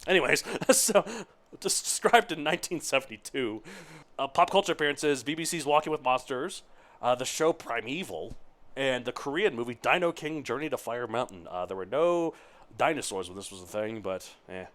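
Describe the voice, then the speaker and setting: A man's voice: medium pitch, lively intonation, normal speed, a bit bright. A young man hosting a podcast, chatting casually and joking with a rambling delivery. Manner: joking, rambling, laughs often, tries on accents. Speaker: podcast host. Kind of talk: casual chat.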